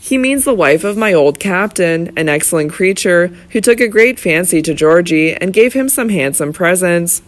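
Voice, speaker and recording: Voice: medium pitch, animated, moderate pace, few pauses, natural voice. An audiobook reader voicing a whining, self-pitying old grandfather who keeps apologizing. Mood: apologetic. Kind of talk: audiobook character reading.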